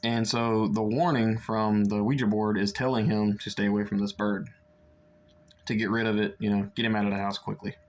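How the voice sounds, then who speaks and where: A man's voice: fairly low pitch, flat delivery, moderate pace. A young man chatting casually through a book review, rambling with lots of fillers and restarts.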